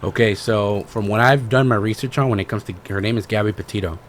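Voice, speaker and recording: Deep low-voiced dude on a podcast, rambly and chill, says bro a lot. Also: male voice, fast talker, slight background noise. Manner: rambling, laid-back retelling with lots of fillers. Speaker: podcast co-host. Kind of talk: casual podcast chat.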